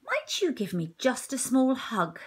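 A woman reading aloud, voicing a sad little male hedgehog who pleads softly for a hug. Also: high voice, huge pitch swings, a little slow, slightly rough, pitched above the performer's own voice, full character voice. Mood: sad pleading. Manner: soft, pleading and sniffly.

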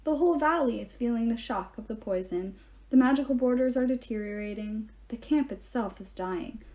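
A woman reading aloud, voicing a weary, kindly male centaur teacher who speaks calmly and gravely. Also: on the high side, normal speed, close to an everyday voice. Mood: grave, gentle. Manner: calm, gentle and grave.

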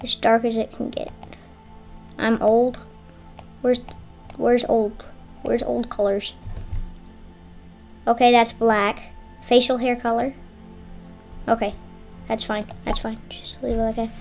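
A woman's voice: fairly high pitch, little pitch movement, takes it slowly, long pauses, a little mellow, faint music behind. A woman giving casual, chatty commentary on her own gameplay, talking to herself and yelping when surprised. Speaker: gameplay streamer.

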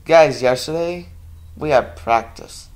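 This vlogger's voice is fairly high and a little mellow, and he speaks slowly. Drowsy and yawning, he rambles casually to viewers from home, often saying um and starting over.

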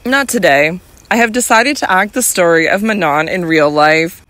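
A proud aristocratic lady, teasing and imperious, as a male narrator reads her lines. The voice sits high and sounds close and dry. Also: normal speed, sharp tone, no room sound.

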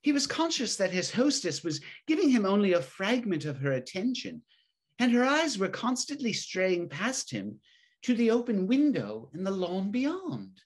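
A woman narrating a spooky story in a stage reading, with expressive storytelling. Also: medium pitch, moderate pace, breathy edge.

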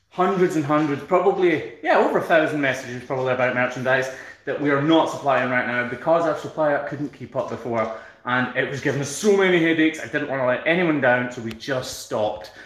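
Scottish man, relaxed live-stream chat, joking and self-deprecating, mid-range voice, echoey room. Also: medium pitch. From Scotland. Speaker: hoof trimmer and channel host. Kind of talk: casual live-stream chat reading viewer comments. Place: room in his newly built house.

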